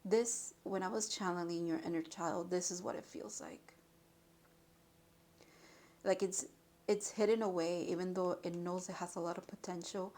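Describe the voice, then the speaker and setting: A woman giving an intuitive spiritual card reading, emotional and halting, with sighs and restarts. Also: lowish voice, steady tone, a little mellow.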